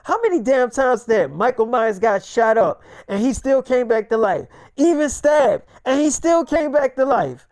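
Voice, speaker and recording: A woman voicing an earnest young man who calmly backs up his friend's story, swearing as he argues. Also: a little high, moderate pace, hardly any pauses, no room sound, clean studio sound, close to an everyday voice. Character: calm young man who believes in the monster.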